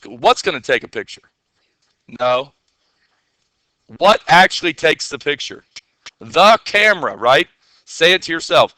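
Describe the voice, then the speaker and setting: A man's voice: fairly high pitch, sharp tone, dry recording. A man teaching a classroom coding lesson, asking his students questions and answering them himself.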